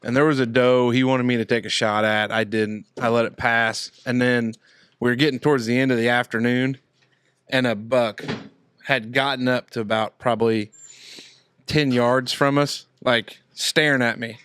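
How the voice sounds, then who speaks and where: A man co-hosting a casual podcast, telling a hunting story and acting out the voices of other people loudly. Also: medium pitch, moderate pace, clear, resonant tone. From Indiana. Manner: animated storyteller, acts out quotes loudly. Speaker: podcast co-host.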